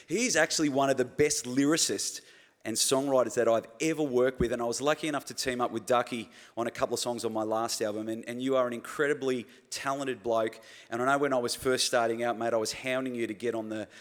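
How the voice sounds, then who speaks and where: An Australian man giving an emotional acceptance speech at an awards show, stumbling over his words and repeating himself as he thanks people. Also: mid-range voice. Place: large awards hall with live audience. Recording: long hall reverb, faint crowd.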